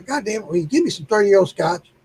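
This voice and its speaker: A man's voice: sits high, expressive, fast, vocal fry, a little mellow. A man voicing a grumpy bar customer in a told joke, cursing and indignant about his scotch.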